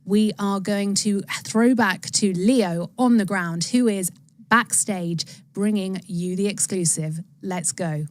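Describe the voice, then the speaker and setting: A woman's voice: medium pitch, slow pace. A woman hosting a live stream, speaking in an effusive, rallying way as she introduces footage. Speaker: livestream host.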